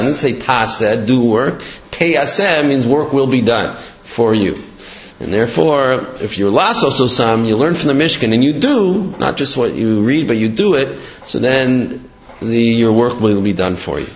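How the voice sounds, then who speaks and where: Halting man giving a Torah talk. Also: medium pitch. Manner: halting, with many fillers and restarts. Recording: echoey room, dull lo-fi.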